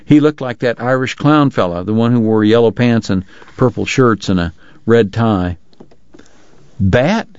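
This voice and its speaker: A man reading an audiobook with wry, measured storytelling. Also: medium pitch, a little mellow, smooth, no echo, dull audio. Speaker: audiobook narrator. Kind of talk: scripted narration.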